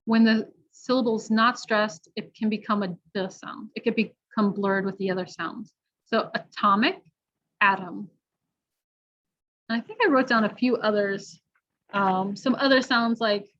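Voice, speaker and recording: Slow careful lady teacher, kinda high voice, drilling pronunciation, muffled lo-fi audio. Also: fairly bright tone. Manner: slow, deliberate, models sounds carefully. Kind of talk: online pronunciation workshop. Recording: dull lo-fi audio.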